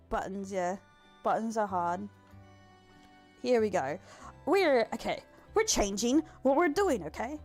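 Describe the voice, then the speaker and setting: A woman's voice: mid-range voice, expressive, drawn-out words, long pauses, a little mellow, soft background music. A young Australian woman with an Australian accent, live-streaming a game and chatting with her viewers, swearing and teasing them. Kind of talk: live-streamed gameplay chat.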